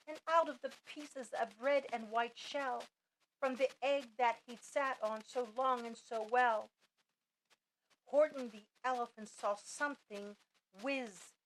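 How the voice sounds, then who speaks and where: A middle-aged woman reading a rhyming children's story aloud, slow and expressive, as a parent at bedtime. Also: a little high, poor audio. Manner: slow, expressive, dropping soft at the end.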